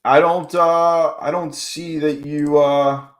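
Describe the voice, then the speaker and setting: A man's voice: a little high, little pitch movement, takes it slowly. Loose, profane man chatting on a stream. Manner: loose, profane, joking banter with chat. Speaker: livestream trading host. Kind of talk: casual live-stream chat.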